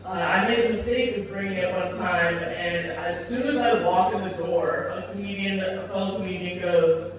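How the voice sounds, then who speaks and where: A woman's voice: on the low side, steady tone, moderate pace, few pauses. Woman, stand-up comedian, brash, profane, punchy, long hall reverb, noisy room. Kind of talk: stand-up set. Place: comedy club stage. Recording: echoey club heard from far off with noise.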